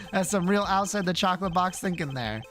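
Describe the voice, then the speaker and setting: A woman's voice: fairly low pitch, expressive, brisk, faint music behind. A woman streamer giving playful, joking commentary while playing a game.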